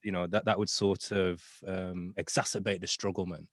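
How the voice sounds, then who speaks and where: A man's voice: sits low, flat delivery, moderate pace, no room sound, studio quality. A British man hosting a casual interview, chatty and friendly, often repeating "you know what I mean". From United Kingdom. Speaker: podcast host.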